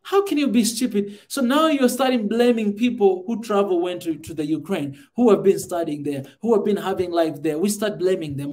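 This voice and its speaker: A man's voice: sits high, a little fast, hardly any pauses, darkish tone. A man, speaking fervently on a podcast and repeating phrases for emphasis. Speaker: podcast host. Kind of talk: impassioned podcast monologue.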